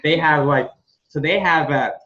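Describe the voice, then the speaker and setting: A man's voice: a little high, a little slow, lo-fi sound. A man hosting a members' business call, rambling and swearing freely while telling stories and giving product updates. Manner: profane, rambling, animated storytelling. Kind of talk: casual business call, storytelling.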